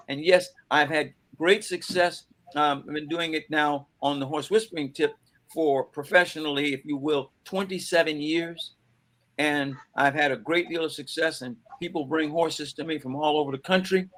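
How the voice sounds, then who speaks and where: Man, middle-aged, slightly high-pitched, lively storyteller, quotes people in voices, conversational panel talk. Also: moderate pace. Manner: animated, repeats words, acts out quoted voices. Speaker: panel guest. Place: bookstore event conversation.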